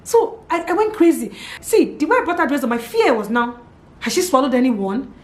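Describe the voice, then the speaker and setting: A Nigerian woman in her thirties telling a story to her vlog audience in a casual, animated and dramatic way. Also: high-pitched, moderate pace. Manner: animated, dramatic retelling with exclamations. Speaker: vlogger. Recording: echoey room with faint background hum.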